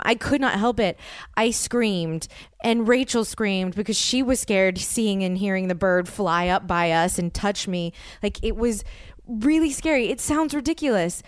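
An American woman in her thirties hosts a podcast and tells a story in a rambling, casual way, full of "like" and stammered restarts. Her voice is fairly high, recorded dry with clean studio sound.

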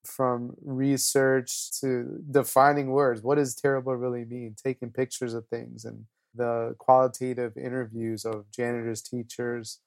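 An interviewer asking short questions and summing up warmly. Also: mid-range voice, flat delivery, unhurried, few pauses.

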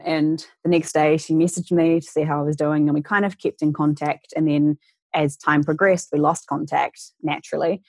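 A young woman with a low voice recounts her own past in an interview, earnest and open. She slips into the voices of the people she quotes. The sound is dry and close to the mic. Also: level tone, moderate pace, a little mellow, no echo. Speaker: interview guest. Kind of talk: personal storytelling in an interview.

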